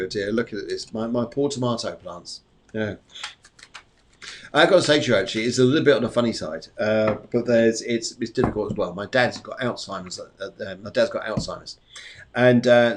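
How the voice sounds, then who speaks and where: A man's voice: mid-range voice, a little hiss or hum. A middle-aged man hosting a live stream as a psychic medium, giving tarot readings in a chatty, rambling way that repeats phrases. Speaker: psychic medium and show host. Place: home during a storm.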